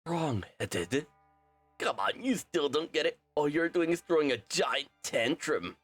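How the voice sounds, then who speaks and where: A young man reading a game's story aloud and voicing every part, animated and quick to correct his own slips. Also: a little high, breathy edge, no echo, soft background music. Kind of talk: game script readthrough, voicing all parts.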